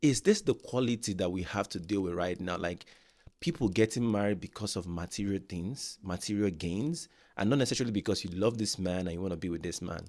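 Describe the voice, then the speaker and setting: A man's voice: deep voice, fairly quick, darkish tone. A man hosting a reaction video, talking emphatically and repeating his points for stress. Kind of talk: casual reaction commentary.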